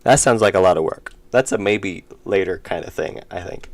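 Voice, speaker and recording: A man's voice: low voice, normal speed, no echo. A man streaming his indie game development, chatting casually and rambling with chat while he works. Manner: rambling, self-interrupting, chuckling.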